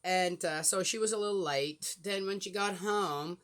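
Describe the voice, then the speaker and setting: An older woman, a grandmother, chatting casually and rambling through a story with many fillers, getting animated and exasperated. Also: mid-range voice, moderate pace. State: flushed from a hot flash. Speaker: Bible reading podcaster. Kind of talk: casual chat.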